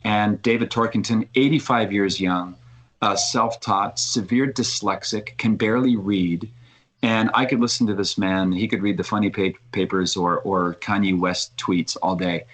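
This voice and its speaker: Male podcast guest, lowish voice, animated storyteller who restarts his sentences. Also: normal speed, poor audio. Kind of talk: casual conversation.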